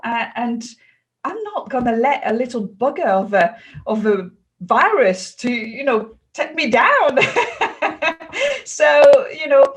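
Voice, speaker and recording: French-accented woman, higher voice, animated. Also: rough recording. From France. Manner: earnest, animated, laughs between phrases. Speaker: guest, customer experience consultant. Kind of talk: interview conversation.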